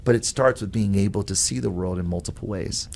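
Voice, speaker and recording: A man who teaches at a college, explaining his ideas on learning in an animated, storytelling way and often adding "right?". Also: on the low side, fairly quick, vocal fry. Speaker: professor. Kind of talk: conversational explanation.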